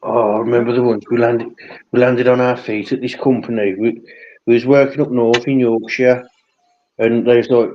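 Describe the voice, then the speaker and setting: A man's voice: mid-range voice, flat delivery, brisk, slight background noise. A man, telling rambling anecdotes in casual chat and swearing freely. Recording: dull lo-fi stream audio.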